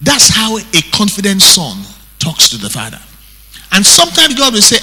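A male pastor with a Nigerian accent, preaching an animated sermon that acts out the scriptures he quotes. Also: high voice, moderate pace, slight background noise. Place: church hall. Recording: breathy voice in long hall reverb.

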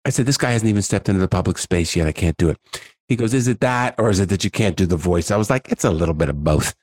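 A low-pitched man in his forties talks fast, captured in clean studio sound with no echo. As a guest in a casual interview, he tells stories animatedly and acts out the dialogue.

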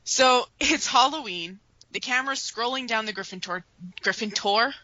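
A woman with a bright, sharp voice co-hosting a casual fan podcast. She is easygoing and gets animated when she tells a story. The recording is dry and a little dull. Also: on the high side, moderate pace, dry recording. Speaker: podcast co-host.

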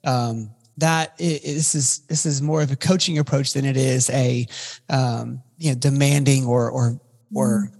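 A man's voice: mid-range voice, steady tone, unhurried, gravelly, darkish tone. A man co-hosting a casual podcast conversation, rambling, restarting his sentences and filling the gaps with ums. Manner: rambling, with frequent restarts and fillers. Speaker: podcast co-host. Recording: long reverb in the room.

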